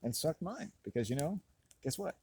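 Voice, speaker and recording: A needling, crude young buddy, voiced by a man, pitched higher than his usual speech. He teases and pushes in a jokey, prodding way. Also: sing-song, moderate pace, a little mellow, husky, no echo, full character voice. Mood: teasing. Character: teasing young male buddy, pushy and crude.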